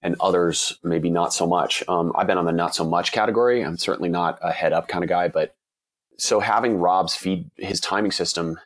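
Very deep-voiced man, slightly husky. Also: moderate pace. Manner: earnest, candid, with frequent restarts. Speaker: guest, endurance cyclist. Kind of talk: reflective interview answers.

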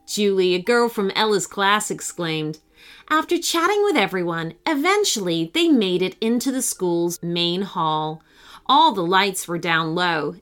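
A woman narrating a children's story in scripted storybook style, lifting her voice for the excited girls. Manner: expressive, voices the girls with higher excited pitch.

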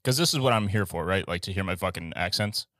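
Brief: male co-host, low voice, swears casually, dry sound. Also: fast, fairly bright tone, no echo. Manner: crude joking, swears freely. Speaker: podcast co-host. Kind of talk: casual podcast chat.

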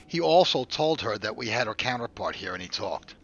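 A man playing a brisk, bright-voiced lieutenant. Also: mid-range voice, expressive, dull audio. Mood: briefing. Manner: brisk, in command. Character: confident male defense force lieutenant. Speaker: lieutenant running the interrogation.

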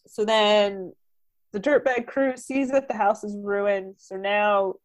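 A woman co-host walks through a movie's plot in a loose, rambling way, leaning on "um" and "like" as she goes. Her pitch sits at an ordinary middle height for a woman, and the talk stays relaxed and conversational. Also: takes it slowly, no room sound. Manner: rambling, filler-heavy plot recap. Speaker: podcast co-host recapping a film. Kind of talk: casual chat.

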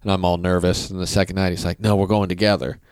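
A man's voice: sits low, little pitch movement, fast talker, clear, resonant tone, dry recording, clean studio sound. A man in casual podcast chat, telling a self-deprecating story about an early gig.

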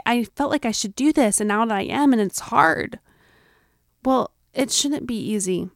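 A woman's voice: medium pitch, dry recording, clean studio sound. A woman hosting a motivational podcast, speaking in an earnest, encouraging and personal way. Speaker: podcast host.

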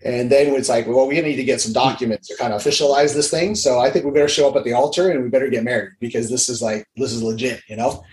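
A man from Hawaii, a lively interview guest at an everyday mid pitch. He acts out the dialogue he quotes as he talks. His voice rings with a roomy echo. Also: quick pace, few pauses. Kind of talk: casual interview chat.

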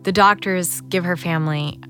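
A woman giving scripted documentary narration in a calm, measured storytelling manner. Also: lowish voice, soft background music.

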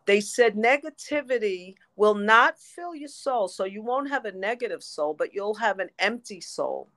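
A woman telling her own story as a podcast guest, lively and quick to laugh. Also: mid-range voice, dry recording. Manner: lively, laughs often between phrases. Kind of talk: storytelling in interview.

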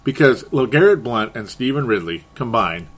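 A man hosting a sports talk show, talking in an excitable, sarcastic way and chuckling often. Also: mid-range voice, moderate pace. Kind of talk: casual sports commentary monologue.

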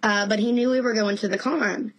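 A woman in her thirties, a guest in a casual interview, telling animated stories and laughing often. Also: a little high, brisk, rough recording.

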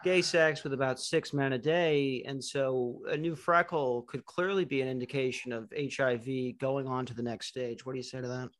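A man hosting a podcast, doing a deadpan mock news anchor routine in casual banter. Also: medium pitch, normal speed, few pauses, dry recording, studio quality. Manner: deadpan fake-newscaster delivery. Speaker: podcast host.

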